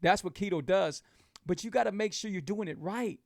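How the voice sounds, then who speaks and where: A man's voice: high-pitched, moderate pace, vocal fry, no room sound, studio quality. A middle-aged man, hosting a casual live talk for his viewers. He speaks with emphatic, repetitive, preachy encouragement. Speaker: host of a keto lifestyle show.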